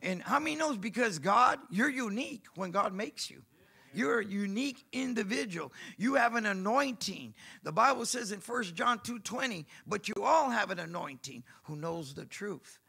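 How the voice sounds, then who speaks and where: Gravelly high-voiced man preaching. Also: moderate pace. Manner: animated storytelling, acting out dialogue, bursts of shouting. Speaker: preacher giving testimony. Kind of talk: sermon testimony.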